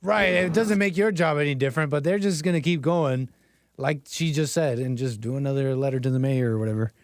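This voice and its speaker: A man's voice: medium pitch, brisk, no echo, clean studio sound. A man streaming casual commentary over video clips, rambling and sarcastic, with frequent restarts.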